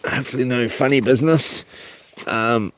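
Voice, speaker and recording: A man's voice: medium pitch, steady tone, normal speed, a bit bright. A man chatting casually outdoors at an island camp by the water, rambling in a laid-back way with lots of ums and slang, recorded on a handheld phone. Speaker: vlogger. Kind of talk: casual chat.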